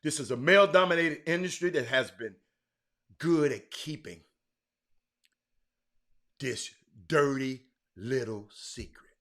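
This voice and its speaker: A man's voice: medium pitch, slow pace, pauses often, fairly bright tone. A man hosting a live-streamed sports talk show, ranting emphatically, repeating himself and calling out to his viewers. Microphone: streaming mic.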